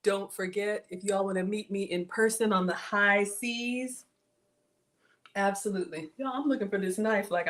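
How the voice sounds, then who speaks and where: A middle-aged woman chats through a home cooking livestream. She is excitable and talkative, with a voice of middle pitch. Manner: chatty and excitable, talks to viewers with "y'all". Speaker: home cook livestream host. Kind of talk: casual livestream cooking chat.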